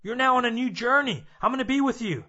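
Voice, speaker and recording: A preacher voicing Jesus, gentle and reassuring. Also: male voice, extremely high pitch, animated, quick pace, lo-fi sound, pitched above the performer's own voice, full character voice. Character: Jesus, calm grown man giving gentle instructions.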